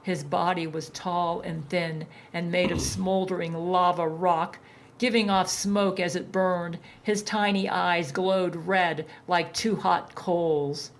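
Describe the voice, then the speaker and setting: A woman narrating a story in a deadpan reading voice. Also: fairly low pitch, slow pace.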